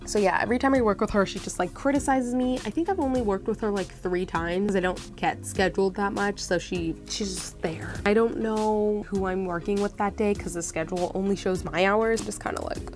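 A young woman tells a story to camera in a loose, chatty vlog style, full of "like" and blunt swearing. Her voice sits at an ordinary pitch for a woman. Faint music plays softly behind her. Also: a little fast. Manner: chatty, frank, lots of swearing and "like". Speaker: vlogger.

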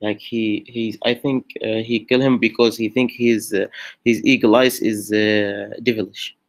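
A man's voice: on the low side, little pitch movement, a little slow. A male student in an online class, answering a question hesitantly with many fillers.

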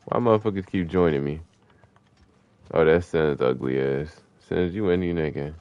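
A man giving live commentary while he plays an online game, talking casual and slangy with sudden excited yelps. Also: extremely low pitch, moderate pace, clean tone, no room sound, lo-fi sound. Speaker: gaming streamer.

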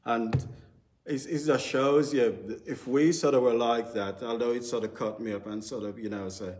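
Low-voiced man preaching. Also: fairly even intonation, normal speed, darkish tone. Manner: rambling, heavy use of "sort of" and "you know". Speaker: church speaker. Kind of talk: informal sermon talk. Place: church service.

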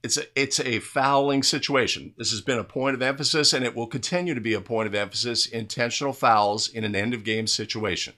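A man with a bright, forceful voice talks through game footage like a coach at a whiteboard. He explains each point plainly, restarts his sentences now and then, and keeps asking "right?" to bring the listener along. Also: medium pitch, steady tone, fairly quick, hardly any pauses. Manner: explanatory, repeatedly tags statements with "right?"; restarts and fillers while talking over video. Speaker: basketball officiating instructor. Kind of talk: video play review commentary.

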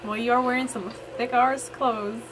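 Giggly woman gushing over a video, voice a bit high, clear noise behind her. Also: steady tone, normal speed, a bit bright. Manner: giggly and gushing, laughs often. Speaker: reaction video host. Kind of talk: casual fan reaction commentary. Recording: audible background noise.

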